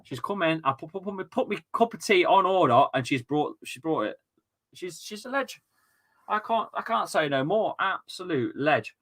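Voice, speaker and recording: A man with an East Midlands accent hosting a live football watchalong at home, full of excitable, sweary, rambling banter. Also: high voice, moderate pace. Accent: East Midlands English. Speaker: host of a fan watchalong stream.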